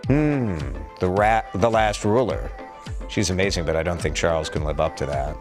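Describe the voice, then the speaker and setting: A man's voice: low voice, normal speed, over music. A man hosting a casual morning news update, chatty and upbeat, reading out viewer comments with joking asides.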